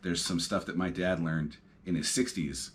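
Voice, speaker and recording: A podcast host in his thirties talks by himself from his home couch, reflective and rambling, with lots of ums and uhs. He has a low, fairly bright voice with fairly even intonation and a moderate pace, over slight background noise.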